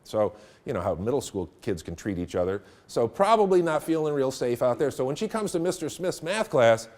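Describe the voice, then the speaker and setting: A middle-aged man lectures a room of teachers at a workshop, his pitch rising and falling with plenty of life. He tells anecdotes in an animated way and breaks into laughter along the way. His voice sits at an ordinary pitch for a man. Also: a little fast. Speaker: teacher trainer. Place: room with a live audience.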